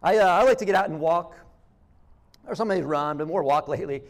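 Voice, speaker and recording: A man preaching a sermon in a relaxed, conversational way, restarting phrases and acting out quotes. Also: on the high side, fast. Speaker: pastor.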